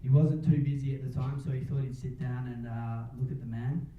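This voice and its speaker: A man's voice: mid-range voice, steady tone, fairly quick. Man giving a toast in an echoing hall. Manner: joking, chuckling between lines. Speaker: wedding speech giver. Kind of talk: wedding toast. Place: wedding reception hall. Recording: distant, roomy, dull-sounding hall.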